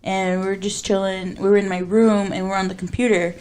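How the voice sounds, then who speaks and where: A young woman co-hosting a podcast, telling a story in a casual, animated way with lots of fillers and laughter. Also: medium pitch, fairly quick. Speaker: podcast co-host.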